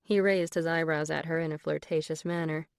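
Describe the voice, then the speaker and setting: A woman narrating an audiobook in a composed, even storytelling manner on a close studio mic. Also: low voice, brisk, gravelly, smooth, no room sound. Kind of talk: scripted narration.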